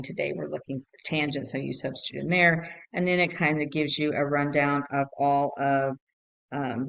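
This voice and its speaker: A woman teacher with a low, creaky voice patiently walks students through math notes in a recorded lesson. She repeats key points and thinks aloud with fillers, and the recording quality is rough.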